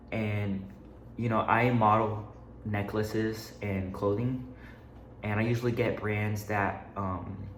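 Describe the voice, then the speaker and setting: A young man giving casual modeling advice while walking around a room, a little out of breath, chatty with loose restarts. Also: on the low side. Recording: echoey room, faint noise.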